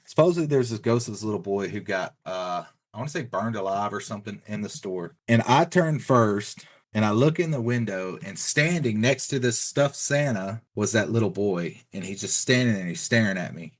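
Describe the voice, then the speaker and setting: A middle-aged man speaks in a very low, deep voice. He tells a long personal story in a loose, rambling way, with lots of "you know" and "like." He sounds like an easygoing podcast guest. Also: expressive, moderate pace. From Texas. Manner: rambling, filler-heavy retelling with many "you know" and "like". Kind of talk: casual storytelling.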